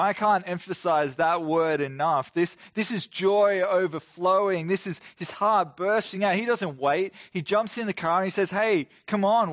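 A man's voice: fairly high pitch, dry recording, clean studio sound. Earnest man preaching a livestream sermon. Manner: earnest, conversational, asks many questions. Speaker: pastor. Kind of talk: online sermon. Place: near-empty room, lockdown livestream.

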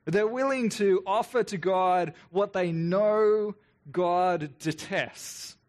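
An earnest male pastor with a fairly high voice delivers a reflective sermon. He talks in an unhurried, thoughtful way, with mocking rhetorical asides. He often repeats his words as he works through each point. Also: a little mellow. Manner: earnest, reflective, with quick sarcastic asides when voicing the people.

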